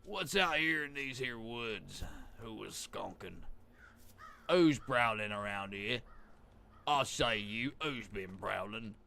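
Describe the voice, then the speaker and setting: A suspicious backwoods man, as a streamer puts him on, drawling each word out slowly in a low, rough voice. He sounds sharp and edgy, with a faint hiss of noise behind him. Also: expressive, full character voice.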